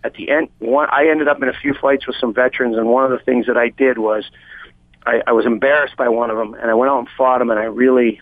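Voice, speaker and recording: A man's voice: mid-range voice, steady tone, fast, no echo. Male phone-in guest, rambling sincere anecdote teller, phone-quality audio with no room sound. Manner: rambling, heartfelt storyteller with many restarts. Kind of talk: telling a long personal anecdote on a phone interview. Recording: tinny dry phone line.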